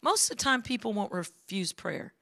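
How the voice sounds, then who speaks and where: A woman preaching from the pulpit, her voice sitting at an ordinary middle pitch. She swings between lively storytelling and pointed emphasis, talking straight to the congregation. The sound is dry and close, with little room echo. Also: moderate pace, gravelly. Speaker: guest speaker. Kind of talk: sermon. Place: church sanctuary.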